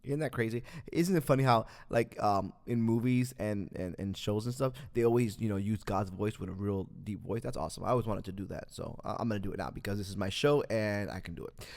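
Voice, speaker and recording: A man hosting a podcast, telling a Bible story as a motivational talk, with lots of fillers and animated asides. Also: lowish voice, brisk, creaky. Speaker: podcast host. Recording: long echoing reverb.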